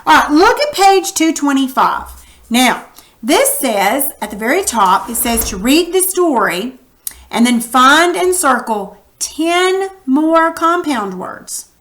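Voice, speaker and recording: A woman's voice: high-pitched, sing-song, slow, fairly bright tone. A woman teacher patiently walking students through a recorded reading lesson, talking casually while she writes on screen. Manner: patient, coaching, casual classroom talk; narrates while writing on screen.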